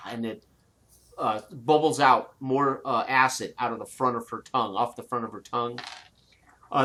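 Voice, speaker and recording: A man running a tabletop game as game master, narrating with halting pauses and fillers. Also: mid-range voice, fairly bright tone. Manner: halting, many fillers and restarts while narrating.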